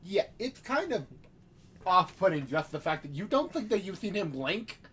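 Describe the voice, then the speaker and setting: A man's voice: sits high, sing-song, moderate pace, a bit bright, slight background noise. Casual man running a tabletop game. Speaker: game master.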